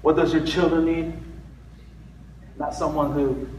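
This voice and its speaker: Pastor preaching in an echoey room. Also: male voice, a little high, little pitch movement, a little slow, darkish tone. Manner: conversational, laughs while telling stories. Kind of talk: sermon. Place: church hall. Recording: roomy echo, distant mic, noisy.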